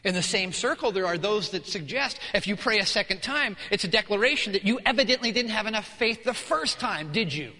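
A man's voice: sits high, animated, a little fast, hardly any pauses. Dramatic preacher man in a reverberant hall. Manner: dramatic, acts out scenes, swings from hushed to shouting. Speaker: pastor. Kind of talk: sermon.

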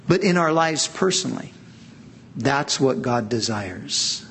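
A middle-aged man preaching with slow, deliberate pacing and long pauses between phrases. He drives his points home with earnest emphasis. A faint ambient hiss sits under his voice. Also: medium pitch, expressive, a bit bright. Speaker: pastor. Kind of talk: sermon.

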